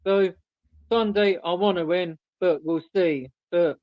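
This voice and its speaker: A man's voice: high voice, measured pace, no room sound. A man guesting on a live fan stream, laid-back and playful with wrestling slang, over dull lo-fi call audio. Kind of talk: live stream sign-off chat.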